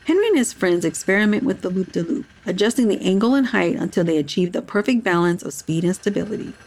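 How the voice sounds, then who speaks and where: A woman's voice: medium pitch, animated, quick pace, a little mellow. A woman narrating a children's story podcast and hosting the show. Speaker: narrator and host.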